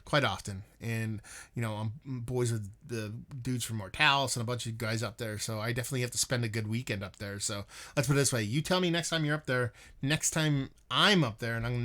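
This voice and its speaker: A man's voice: medium pitch, fairly bright tone. A young man hosting a casual beer livestream, rambling with lots of swearing while he reads out and answers chat comments. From northeastern United States.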